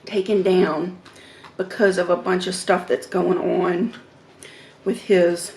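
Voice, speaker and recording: A middle-aged woman chatting casually on an eating-show vlog, talking slowly between bites and murmuring softly as she eats. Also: on the low side. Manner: slow, relaxed talk between bites with soft murmurs of approval. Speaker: mukbang vlogger. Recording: echoey room with faint background noise.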